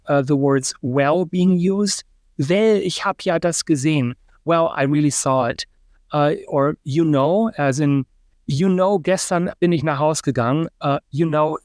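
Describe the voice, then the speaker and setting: Professorial man, slightly high voice. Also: dry recording. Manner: lecturing, demonstrates pronunciations aloud, frequent uh and um. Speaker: linguistics professor, guest. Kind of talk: podcast interview, explaining.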